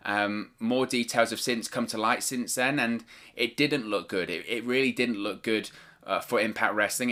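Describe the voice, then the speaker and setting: A man delivers solo news commentary in a fairly low voice with a bright, forceful edge. He talks cautiously, stumbling and repeating words as he picks his phrasing. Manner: hesitant, repeats words, stumbles while choosing words carefully. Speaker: wrestling news vlogger.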